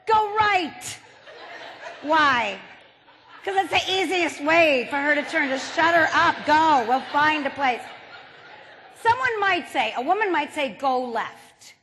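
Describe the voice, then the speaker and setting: Woman keynote speaker, high unhurried delivery, comic storytelling, echo of a big hall. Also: a bit bright. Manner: playful storytelling, acts out quotes. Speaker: motivational speaker. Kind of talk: humorous keynote talk. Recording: reverberant hall.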